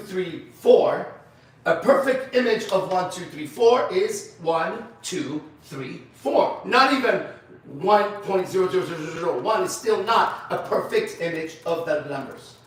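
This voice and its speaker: A man's voice: high voice, a bit bright. A man preaching to a men's group, blunt and emphatic, repeating phrases for stress. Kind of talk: sermon-style teaching. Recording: very echoey room, voice far from mic.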